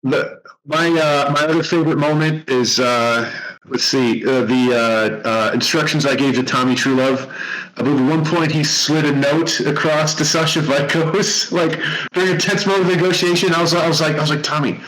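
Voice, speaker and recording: A man's voice: fairly high pitch, steady tone, moderate pace, fairly bright tone, rough recording. A man guesting on a podcast, recalling a favorite moment with hesitant "uh"s. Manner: hesitant start, many "uh" fillers, amused. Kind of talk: casual podcast chat.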